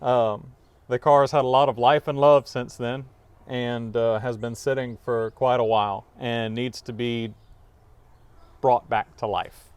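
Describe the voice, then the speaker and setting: Upbeat man in his thirties hosting a car project show; smooth, resonant voice, mid pitch. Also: steady tone, a little mellow, no echo. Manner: upbeat, quick to laugh, rambling explanations. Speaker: host. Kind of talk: casual chat.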